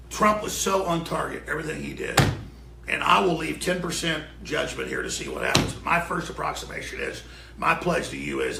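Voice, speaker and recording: Angry host man, raspy gravelly voice, high and swooping pitch, cursing and shouting, echoey studio. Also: a little hiss or hum. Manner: profane, shouting, furious. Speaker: radio and web show host. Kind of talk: angry off-air rant before a live broadcast. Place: broadcast studio.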